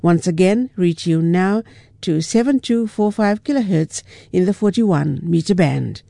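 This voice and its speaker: Gravelly New radio announcer. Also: mid-range voice, unhurried, dark tone, dry recording, clean studio sound. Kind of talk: formal broadcast announcement.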